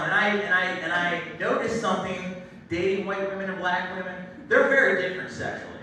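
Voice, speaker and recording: A young adult man doing a stand-up comedy set on a theater stage, telling stories in an animated way and acting out the people in them. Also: high voice, fairly quick. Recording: echoey, distant room recording with background noise. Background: audience laughter and room ambience.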